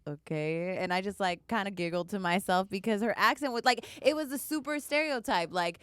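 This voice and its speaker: A woman with a smooth, clear voice chats and giggles through a story on a podcast. The sound is dry and close, with no room around it. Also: mid-range voice, a little fast, hardly any pauses, a bit bright, no room sound. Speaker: podcast co-host. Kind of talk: casual chat.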